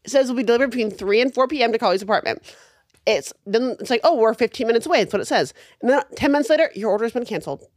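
A young woman co-hosting a podcast, telling a story in an animated way and swearing freely. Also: a little high, racing, dry recording, studio quality. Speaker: podcast co-host. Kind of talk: casual chat.

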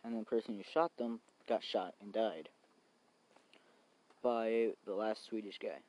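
A man's voice: on the low side, a little slow, darkish tone, poor audio. A young man vlogging outdoors in the cold rain, recapping a show in a rambling, casual way with lots of fillers and swearing.

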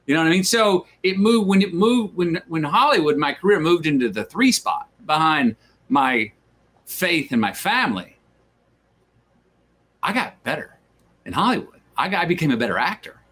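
A man's voice: a little high, very animated, normal speed, a bit bright. Guy drawling through stories, repeats himself, slips into little voices for the people he quotes. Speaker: interview guest, actor. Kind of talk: reflective conversational storytelling.

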